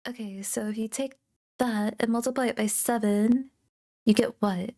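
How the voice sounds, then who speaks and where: A woman voicing a bossy, sharp-tongued young tsundere girl in an ASMR role-play, talking with a sarcastic, mocking edge. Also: a little high, steady tone, moderate pace. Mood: sarcastic tutoring.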